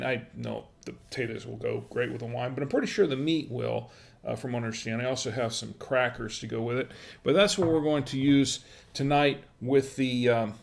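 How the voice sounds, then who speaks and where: A man hosting a casual wine livestream from home, talking straight to his viewers. He rambles in a friendly, chatty way, with plenty of "uh"s and restarts. His voice sits at an ordinary middle pitch. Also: gravelly. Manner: rambling, frequent fillers and restarts. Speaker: wine review livestream host. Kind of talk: casual live-stream chat.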